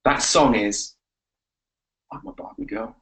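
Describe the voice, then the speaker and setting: A man coaching on a live webinar, energetic and repetitive, giving pep talks. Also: mid-range voice, takes it slowly, rough recording. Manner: energetic, pep-talking, repeats himself. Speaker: confidence coach.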